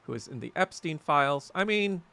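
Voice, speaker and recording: Male podcast host from New York with a gravelly, tense voice, rants in a sarcastic, profane way, casual chat. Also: on the high side, expressive, normal speed, sharp tone. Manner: rambling, profane, sarcastic ranting. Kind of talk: casual livestream chat reading viewer comments.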